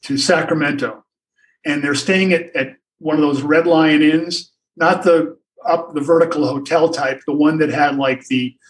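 A man's voice: a little high, steady tone, measured pace, distant mic, slight background noise, rough recording. Older man rambling through anecdotes. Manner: rambling, many restarts and asides. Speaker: sportswriter guest. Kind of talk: anecdotal storytelling in a podcast interview.

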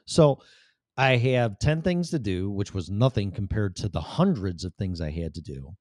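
A man's voice: lowish voice, expressive, moderate pace, a little mellow, no echo, studio quality. A middle-aged man talking candidly to the camera in a blunt, rambling, profane way. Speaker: vlogger. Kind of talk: candid personal monologue.

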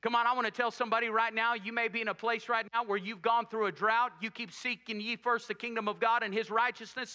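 A man's voice: very high voice, level tone, fast talker, few pauses, bright, forceful tone, long reverb tail. A male preacher delivering a sermon, asking the congregation rhetorical questions and making joking asides.

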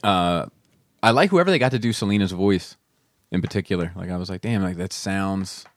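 Low-voiced rambling man on a podcast. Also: very animated, fast talker, no echo, clean studio sound. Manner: rambling, swears, laughs a lot. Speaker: podcast co-host. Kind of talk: casual chat about comics and films.

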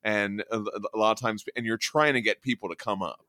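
A man's voice: on the low side, steady tone, fairly quick, bright, forceful tone, clear, resonant tone, no room sound, studio quality. A man co-hosting a casual podcast about a comic, laughing often and rambling with restarts. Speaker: podcast co-host discussing a comic. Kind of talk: casual chat.

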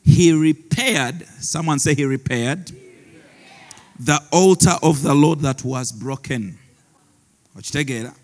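A man's voice: a little high, a little slow, pauses often. A man, a pastor preaching a sermon who laughs often and mixes in Luganda phrases. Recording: long reverb of a large hall.

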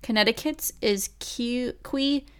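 A woman's voice: fairly high pitch, fairly bright tone, clear, resonant tone. A woman casually reading a list aloud, stumbling over foreign words and apologizing with a laugh. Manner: reads each item deliberately.

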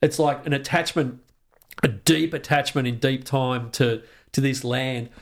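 An Australian man speaking as a guest in a relaxed podcast chat. His voice sits at an ordinary middle pitch, and he talks with real passion, swearing freely and restarting sentences as his thoughts race ahead. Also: measured pace. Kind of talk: casual conversation.

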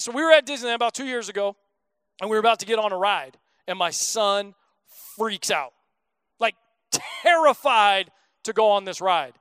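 A man in his thirties delivers a sermon with a strikingly high, smooth voice. He keeps it casual and conversational and slips in jokes as he preaches. The sound is close and dry, with no room echo. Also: pushed and bright. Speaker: pastor.

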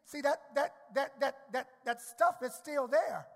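A man's voice: very high voice, measured pace. Preaching man in a reverberant church. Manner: preaching with shouted climaxes and repeated words. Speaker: pastor. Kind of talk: sermon. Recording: long hall reverb.

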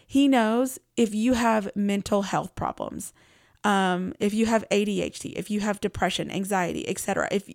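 Gravelly-voiced woman hosting a faith podcast. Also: medium pitch, no echo, studio quality. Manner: earnest, reflective, conversational. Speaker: Christian podcast host. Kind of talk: casual devotional podcast talk.

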